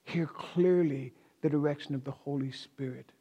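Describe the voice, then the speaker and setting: A man's voice: fairly high pitch, moderate pace, warm tone, breathy edge, big-room sound. A man preaching a sermon, speaking emphatically, repeating key phrases and talking directly to the congregation in a church. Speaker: pastor.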